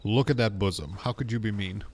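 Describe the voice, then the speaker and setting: A man's voice: on the low side, a little fast, darkish tone. A man casually commenting as he streams a video game, playful and self-mocking as he reacts to the dialogue.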